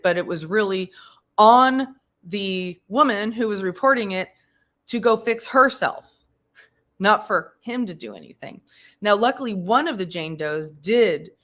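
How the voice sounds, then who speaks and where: A woman's voice: medium pitch, fairly bright tone. A woman hosting a live stream, giving casual commentary, rambling and often restarting as she searches for words.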